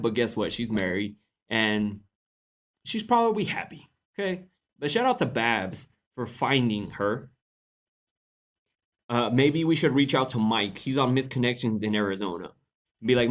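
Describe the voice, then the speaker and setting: Young male streamer, mid-pitched, loose and animated, laughs a lot, casual swearing. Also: a little slow, pauses often. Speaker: host reading posts on a livestream. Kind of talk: casual livestream chat.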